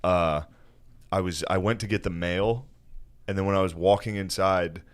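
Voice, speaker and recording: A man's voice: low voice, normal speed, smooth. A young man co-hosting a comedy podcast, chatting casually with crude jokes and frequent laughter. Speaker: podcast co-host.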